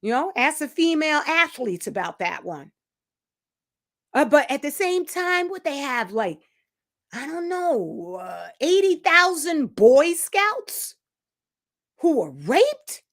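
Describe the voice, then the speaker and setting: A woman with a fairly high voice talks straight to her viewers in a loose, rambling monologue. She is blunt and emphatic, and now and then she laughs out loud. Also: sing-song, takes it slowly. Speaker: channel host.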